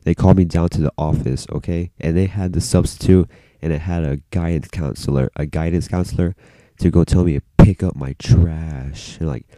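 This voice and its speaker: A male vlogger tells a story straight to camera in a loose, rambling way, swearing freely and leaning on "like." His voice sits low and very dark and mellow. The sound is dry and close. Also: steady tone, normal speed, dry recording. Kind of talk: casual storytime vlog.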